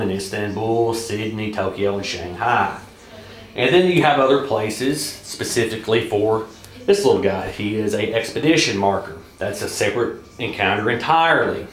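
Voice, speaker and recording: A man with a Southern drawl explains a board game's rules in a relaxed, halting way, full of filler sounds and restarts. His voice sits on the low side. The recording carries a noticeable echo from the room. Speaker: board game reviewer. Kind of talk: casual rules walkthrough. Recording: echoey room.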